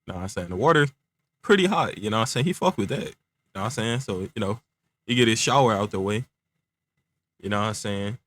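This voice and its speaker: Young male storyteller, low-pitched, relaxed and rambling, slightly stumbling speech from aligners. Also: quick pace, pauses often. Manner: laid-back slang, constant filler phrases, stuttering. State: talking around clear aligners. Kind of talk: casual improvised storytelling.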